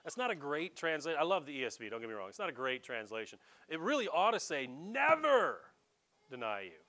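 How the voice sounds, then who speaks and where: Animated folksy pastor man. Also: medium pitch, fast. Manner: folksy, animated preaching with jokes and asides. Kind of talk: sermon.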